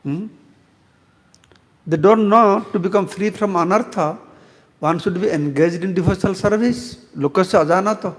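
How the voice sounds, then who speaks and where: A man with a fairly high voice teaches a scripture class as a monk. He tells homely stories, asks his listeners questions and breaks into chanted verses. The sound carries a long reverb from a temple hall. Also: moderate pace, long pauses.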